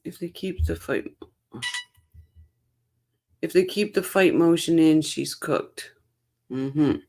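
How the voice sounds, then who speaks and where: A woman's voice: low voice, slow, mellow. A woman from Canada hosting a livestream, chatting casually and reading viewer comments aloud. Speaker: livestream host. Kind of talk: casual chat reacting to a live court stream.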